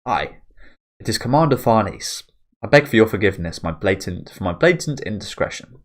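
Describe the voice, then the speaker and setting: A man's voice: on the low side, very animated, fairly quick. A man reading out a nervous male soldier who stammers apologies to his commander. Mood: deferential. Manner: hesitant, apologetic.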